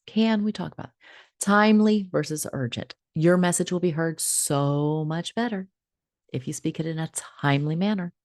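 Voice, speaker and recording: A woman hosting a casual advice talk, animated, laughing often and acting out little scripts. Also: sits low, moderate pace, dry recording, clean studio sound. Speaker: host giving relationship advice.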